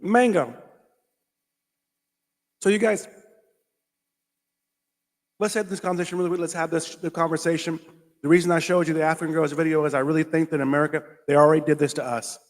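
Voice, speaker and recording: Animated male host in an echoing room. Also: on the high side, fast talker, long pauses. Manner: animated, reads food labels aloud, exclaims. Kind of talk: casual reaction commentary.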